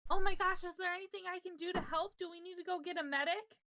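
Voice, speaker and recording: Woman voicing a female adventurer, high-pitched, quick, breathless, eager to help. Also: steady tone, pushed and bright, no room sound. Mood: concerned.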